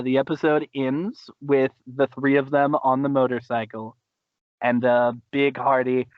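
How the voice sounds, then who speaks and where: A man hosting a podcast, casually recapping a cartoon episode in an animated way, laughing and acting out quotes. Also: dry recording, lo-fi sound. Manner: animated, laughing, acts out quotes in high voices. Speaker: podcast host.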